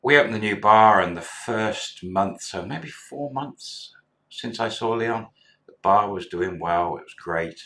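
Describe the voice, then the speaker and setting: Low-voiced man telling a story. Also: lively intonation, a little slow, vocal fry, fairly bright tone. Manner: chatty, acts out quoted dialogue. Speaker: former bar manager telling a story. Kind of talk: casual spoken storytelling.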